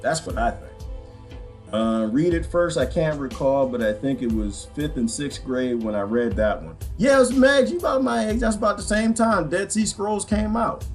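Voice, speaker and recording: A man hosting a rambling livestream monologue, animated and joking, laughing often. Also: medium pitch, normal speed, soft background music.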